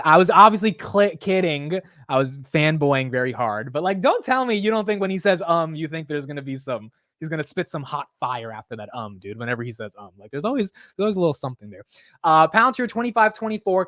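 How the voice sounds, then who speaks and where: A young man hosting a casual stock market livestream, excitable and swearing freely as he riffs on prices. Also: mid-range voice, no room sound, studio quality.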